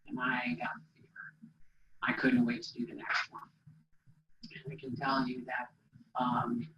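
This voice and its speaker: A man's voice: mid-range voice, a bit bright, slight background noise. A middle-aged man speaking to an audience as a motivational speaker, telling a personal story in a conversational way, with fillers and acted-out quotes. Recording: dull echoey hall sound from a distance.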